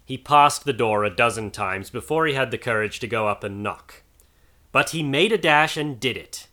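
A man narrating a storybook in an expressive, animated reading. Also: mid-range voice, normal speed.

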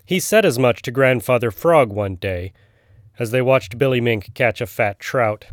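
A man narrating a classic animal storybook in a measured, gentle way. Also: medium pitch, expressive, no room sound, studio quality.

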